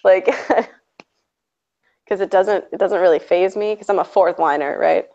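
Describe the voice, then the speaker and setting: A stream host with a warm female voice, fairly low and slow, chats casually with sarcasm and frequent laughter. The audio is dull and lo-fi.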